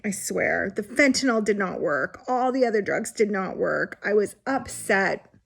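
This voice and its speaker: A woman's voice: medium pitch, animated, measured pace, vocal fry, fairly bright tone, breathy edge. A woman in her forties telling her own hospital story on a vlog, frank and unfiltered, with the odd swear word and wry laugh. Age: 40s. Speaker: vlogger sharing her illness story. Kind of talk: candid personal storytelling.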